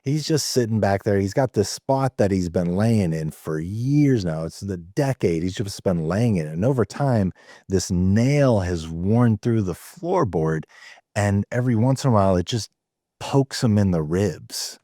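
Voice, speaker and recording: A man's voice: on the low side, lively intonation, measured pace, mellow, dry recording, clean studio sound. A man voicing a male store cashier in a story he tells, speaking in an offhand, matter-of-fact way.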